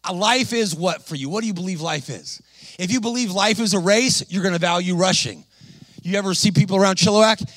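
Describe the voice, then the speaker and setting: Man, preacher, high voice, animated, exhorting, dry close sound. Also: fast, no room sound. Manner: animated, exhorting, calls to the crowd. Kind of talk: energetic sermon.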